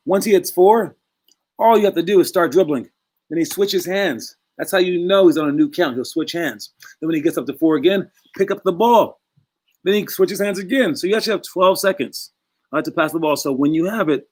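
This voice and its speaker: A young man coaching his basketball players in a casual, rambling talk full of little asides. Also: a little high. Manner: chatty, rambling, acts out voices in quotes.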